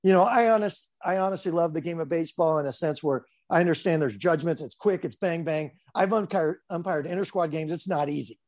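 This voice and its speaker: A man's voice: on the high side, brisk, hardly any pauses. A man who coaches baseball, talking casually and rambling through stories with lots of fillers. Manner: rambling, relaxed storyteller with many fillers. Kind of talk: casual conversation.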